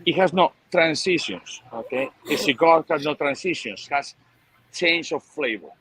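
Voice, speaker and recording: A man with a non-native English accent, a cigar company owner chatting casually and explaining in a halting way. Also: fairly high pitch, expressive, sharp tone, poor audio. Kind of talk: casual chat on a call.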